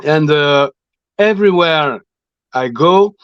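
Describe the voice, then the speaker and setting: Halting French-accented man, slow and dry. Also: on the high side, clean tone, dry recording. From French Guiana. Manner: halting, searching for words. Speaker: guest musician. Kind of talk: interview answers in a second language. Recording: dull lo-fi sound.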